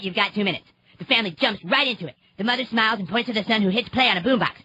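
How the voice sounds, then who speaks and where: A woman voicing a foul-mouthed cartoon boy who gleefully tells a long joke in a rapid, high-pitched rush. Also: a bit bright, a little hiss or hum. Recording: dull lo-fi clip played over the radio.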